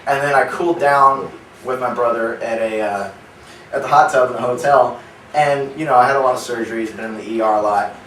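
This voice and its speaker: A young man performs a stand-up set in a small comedy theater, drifting through rambling, offhand stories. His voice sits at a middle pitch. It is picked up from some distance, with the room's echo and a faint hum of ambience behind it. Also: fairly quick, fairly bright tone. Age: young adult. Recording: roomy live club sound from a distance.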